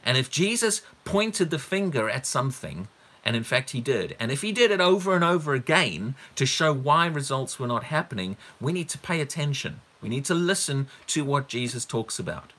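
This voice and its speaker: Emphatic preacher man with a bright voice. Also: mid-range voice, big pitch swings, moderate pace. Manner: emphatic, repeats words for stress, asks rhetorical questions. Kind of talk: teaching sermon on a Bible passage.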